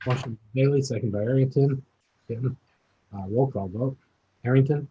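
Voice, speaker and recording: A man's voice: medium pitch, fairly quick, highs cut off, a little hiss or hum. A man chairing a city council meeting as mayor, calling votes and reading agenda items in a procedural way. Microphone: video call.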